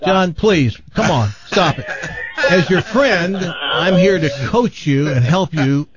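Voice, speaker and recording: A man's voice: high-pitched, animated, slow pace, a loud crowd. A man hosting a radio show, bantering with a dry, teasing manner. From American South. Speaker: radio host. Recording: dull radio broadcast sound.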